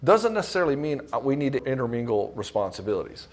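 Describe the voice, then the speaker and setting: A man's voice: mid-range voice, very animated, fast talker. A middle-aged man coaching married men straight to camera, blunt and casual, swearing freely and acting out the voices of the people he quotes. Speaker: relationship coach. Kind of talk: direct-to-camera coaching talk.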